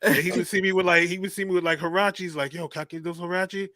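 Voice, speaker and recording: A man's voice: high voice, fast, no room sound. A man in a casual chat telling stories with energy, acting out the people he quotes. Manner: energetic storytelling, acts out quoted voices.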